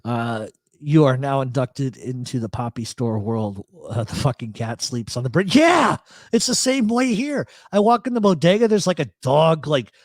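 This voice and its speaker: A man's voice: mid-range voice, animated, normal speed, hardly any pauses, a little mellow, no room sound, studio quality. A man hosting a casual live talk show, reading out chat comments in a rambling, blunt way with plenty of swearing and emphatic repetition. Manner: emphatic agreement, repeats himself. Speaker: radio show host.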